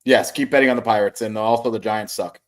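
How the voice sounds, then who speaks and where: Man, low voice, podcast co-host, sarcastic, swearing, casual betting talk over video call. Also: quick pace, over music. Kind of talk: casual sports betting chat.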